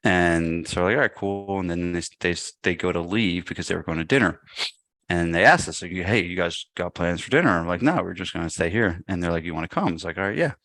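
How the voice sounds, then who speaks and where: A man with a deep, low voice tells a story in a loose, chatty way. He livens it up by acting out other people's lines. The sound is close and dry, with no room around it. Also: quick pace, no room sound. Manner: animated, acts out quotes. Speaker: podcast guest, gym owner. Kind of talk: casual storytelling.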